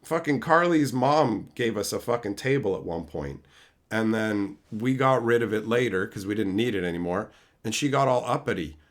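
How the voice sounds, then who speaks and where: In this casual, profanity-laden livestream rant, an American host answers chat and acts out both sides of an argument, swearing constantly and speaking bluntly. His voice is on the low side, with lively intonation, and he talks at a normal speed.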